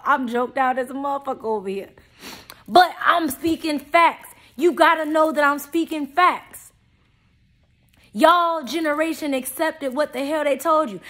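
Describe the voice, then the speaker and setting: Speaking unscripted to her vlog audience, a young woman is crude, direct and combative, her voice erupting loudly at times and dropping low for muttered side comments.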